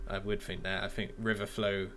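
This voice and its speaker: A man's voice: fairly low pitch, little pitch movement, normal speed, fairly bright tone, a little hiss or hum. A man chatting casually as a podcast co-host, enthusiastic and full of fillers. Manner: enthusiastic, swearing, filler-heavy. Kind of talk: casual chat.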